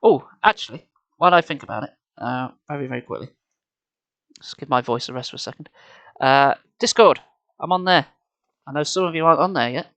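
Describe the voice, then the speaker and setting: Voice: mid-range voice, a little fast, pauses often, a bit bright, no room sound. Sweary streamer on a headset. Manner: chatty, swears freely, self-mocking. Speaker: streamer reading a book aloud. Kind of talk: casual live-stream chat.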